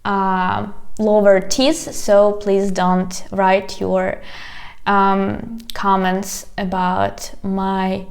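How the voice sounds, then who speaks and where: A woman from Ukraine, teaching a video language lesson and repeating words slowly syllable by syllable, her pronunciation a little impeded by braces. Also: mid-range voice, level tone.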